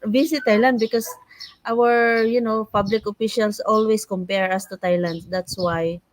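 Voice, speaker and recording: A woman's voice: mid-range voice, fairly even intonation, normal speed, no echo, poor audio. A woman with a Filipino accent co-hosting a casual live podcast, speaking hesitantly with many fillers and giggles. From Philippines. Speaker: podcast co-host. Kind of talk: casual live-stream chat.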